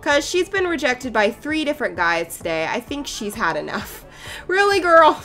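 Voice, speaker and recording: A woman's voice: fairly high pitch, moderate pace. Young woman gaming, chatty and giggly, voice jumps all over, bit of music behind. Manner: chatty, giggly, animated reactions. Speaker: let's play gamer. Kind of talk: casual game commentary.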